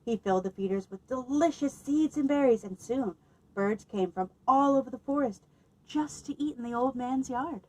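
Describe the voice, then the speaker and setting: A woman librarian reading a picture book aloud at children's story time, expressive and lively, pausing to ask her listeners questions. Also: high voice, low-quality recording.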